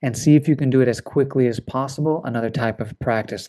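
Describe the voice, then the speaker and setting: A man with an American accent teaching pronunciation, reviewing a lesson and slowly modeling sounds and repeating practice drills. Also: mid-range voice, mellow. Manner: slow, deliberate, repeats drills and sounds out words.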